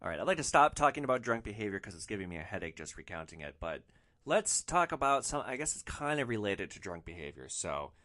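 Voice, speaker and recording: Lively, bright-voiced man telling stories. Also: on the low side, quick pace. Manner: animated, exasperated, wry. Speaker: podcast host recounting rideshare stories. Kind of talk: storytelling monologue.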